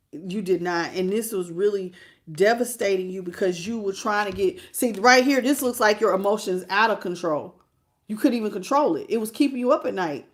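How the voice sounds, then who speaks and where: A woman giving a live tarot reading, animated and chatty, talking straight to her viewers and fighting back tears. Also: mid-range voice. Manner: emotional, on the verge of tears. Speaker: tarot reader.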